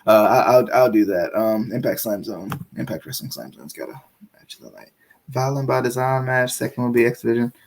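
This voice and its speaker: A man's voice: medium pitch, a little fast. A man co-hosting a wrestling podcast in casual chat, often stammering and repeating words as he talks. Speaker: podcast co-host.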